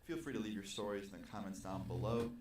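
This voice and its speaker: A man's voice: fairly low pitch, quick pace. Young man telling a wild party story. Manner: animated, profane storytelling. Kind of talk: casual storytime vlog. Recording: roomy, distant video playback with faint noise.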